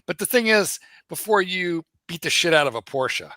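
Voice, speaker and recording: A man co-hosts a casual livestream and teases his partner with lively banter and frequent laughter. His voice is bright, slightly high and swings widely in pitch, recorded close and dry. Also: normal speed, no echo. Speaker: livestream co-host.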